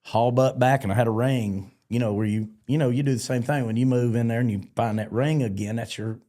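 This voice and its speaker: A man's voice: medium pitch, steady tone, brisk, mellow. A man, a podcast guest and former rodeo barrelman, telling stories in a casual interview and acting out the voices of people he quotes.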